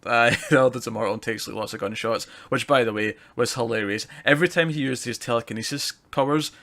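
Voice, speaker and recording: Guy rambling about a tv episode, chatty, laughs a lot, mid pitch. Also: fast talker, fairly bright tone. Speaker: podcast co-host reviewing TV. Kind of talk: casual review chat.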